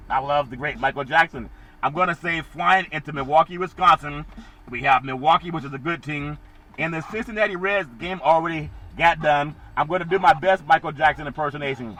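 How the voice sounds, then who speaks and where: High-voiced man hosting a sports podcast. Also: fairly quick, bright, forceful tone, a little hiss or hum, poor audio. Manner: rambling, jokey, sing-song asides. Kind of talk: solo sports podcast monologue.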